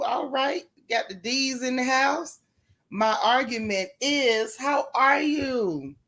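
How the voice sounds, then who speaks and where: A woman hosting a casual gossip livestream from home, greeting viewers by name with slang like sis and boo. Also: high-pitched. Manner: chatty, warm Southern slang, calls viewers sis and boo.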